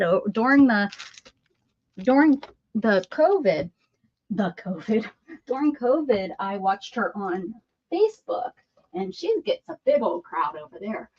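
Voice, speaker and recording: A woman's voice: a little high, a little mellow. A woman hosting an art livestream, chatting casually and muttering to herself while she crafts. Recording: dull lo-fi audio with faint noise.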